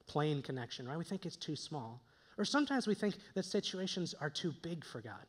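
A man's voice: a little high, animated, normal speed. A young man preaching a conversational sermon, with joking asides to his listeners. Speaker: pastor.

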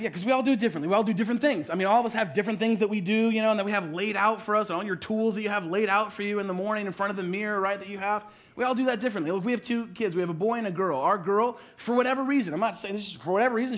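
Guy preaching, kinda high voice, jokey, acts out little scenes. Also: a bit bright. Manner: playful, acts out little scenes with quick asides. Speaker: pastor. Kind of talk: sermon.

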